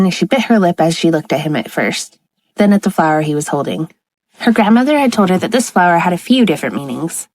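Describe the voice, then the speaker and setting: A woman reading a romance audiobook aloud in steady, scripted narration on a close mic. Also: fairly low pitch, dry recording, rough recording.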